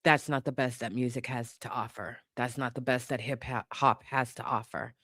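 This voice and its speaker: A woman's voice: extremely low pitch, fairly even intonation, normal speed, fairly bright tone, no room sound, clean studio sound. A woman commentator in a casual opinion rant, blunt and profane, hammering her points by repeating them. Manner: emphatic, repeats points for force.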